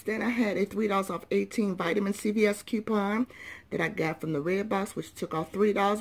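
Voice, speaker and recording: A woman with a groggy early-morning voice, chatting to viewers in a casual haul vlog as a couponing vlogger and parent of young children. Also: mid-range voice. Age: adult parent of young children. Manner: chatty, addresses viewers as y'all and subbies.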